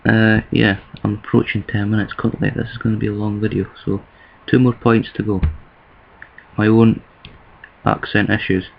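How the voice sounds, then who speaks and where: A Scottish man talks in a casual video monologue, rambling and stopping to correct himself. His voice sits low and gravelly, with hardly any rise or fall. The sound is dull and lo-fi, like a cheap home setup. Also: level tone, normal speed, a little hiss or hum. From Scotland. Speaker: vlogger.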